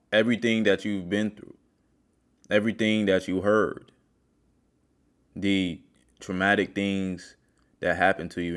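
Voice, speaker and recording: A deep-voiced man delivers a motivational monologue and speaks straight to the listener. He talks earnestly, like a self-help host telling a story from his own life. His low voice stays steady as he works through his point. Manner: earnest, storytelling, addresses viewer directly.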